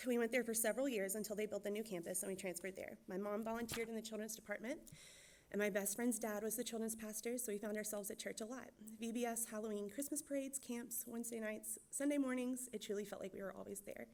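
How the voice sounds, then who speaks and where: A young woman, a church children's director from Georgia, gives a nervous personal testimony, talking quickly and laughing often. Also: medium pitch, steady tone, darkish tone, a little hiss or hum. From Georgia, USA.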